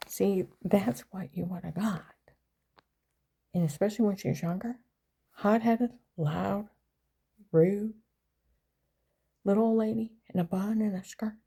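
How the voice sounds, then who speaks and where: Gravelly-voiced older woman. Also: medium pitch, moderate pace, pauses often, mellow, low-quality recording. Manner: rambling, aggrieved storytelling. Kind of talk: casual monologue.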